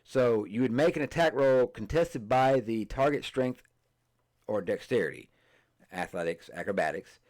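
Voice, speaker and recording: A man hosting a tabletop game podcast, chatting casually and reading game rules aloud, halting often, restarting phrases and filling pauses. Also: mid-range voice, lively intonation, a little mellow. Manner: halting, many fillers and restarts, stumbles over words. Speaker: podcast host. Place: streamed podcast setup.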